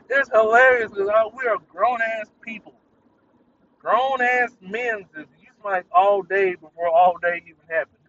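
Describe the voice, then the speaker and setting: A man's voice: high voice, moderate pace, fairly bright tone, recorded from a distance, lo-fi sound, a little hiss or hum. A young man ranting casually, irritated and swearing, breaking into laughter at his own jokes. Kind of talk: casual venting monologue.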